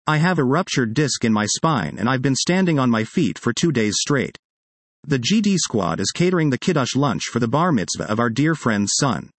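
A man reading a first-person magazine article aloud in a lively, expressive way. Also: medium pitch, no room sound.

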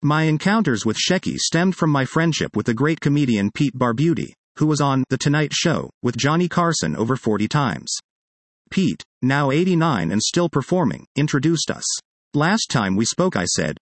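Man telling a lively first-person story. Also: mid-range voice, normal speed, dry recording. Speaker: comedian reading his own tribute essay. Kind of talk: scripted first-person narration.

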